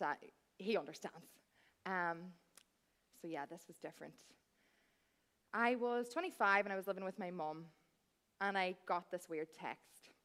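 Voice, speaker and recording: A woman in her thirties tells a comic story from a theatre stage. Her voice sits at an ordinary mid pitch for a woman. She keeps it chatty and wry and speaks directly to the audience as she goes. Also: fairly bright tone. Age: 30s. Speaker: cabaret performer.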